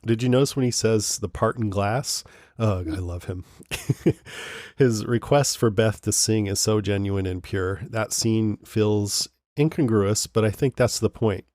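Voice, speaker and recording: A man hosts a relaxed podcast, reading listener emails and reacting to them with frequent laughter. His voice sits low, and the recording is close and dry with no room sound. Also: a little slow, no echo. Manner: chatty, laughs often. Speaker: podcast host.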